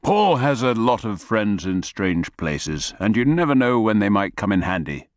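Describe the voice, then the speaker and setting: A brisk, sociable older officer, as a male narrator reads him, lowish and hearty. The recording is dry and close. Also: very animated, dry recording.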